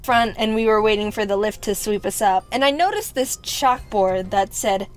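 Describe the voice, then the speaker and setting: A young woman narrates a personal story in a playful, sarcastic scripted style. Her voice sits fairly high, and faint music plays behind her. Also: normal speed, hardly any pauses. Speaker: animated storyteller.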